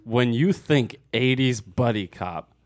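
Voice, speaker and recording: Animated laughing man in chat. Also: medium pitch, takes it slowly. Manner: animated, laughs often, breaks into a mock accent. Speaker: podcast co-host. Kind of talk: casual chat.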